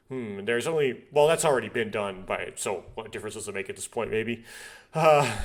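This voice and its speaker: A young man reading a visual novel's text aloud and breaking off into rambling, nitpicking asides. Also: medium pitch. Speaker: let's play host.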